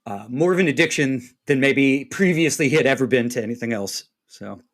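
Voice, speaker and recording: A man's voice: mid-range voice, lively intonation, brisk. A man narrating his character's fall in a tabletop role-play game, rambling and reflective. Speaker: player.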